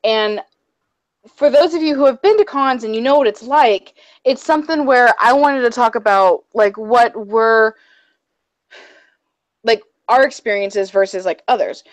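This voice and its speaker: A high-voiced woman chats casually as a co-host of a fan show. She rambles and gushes with excitable fangirl energy. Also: unhurried, low-quality recording. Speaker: podcast co-host. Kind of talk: casual chat.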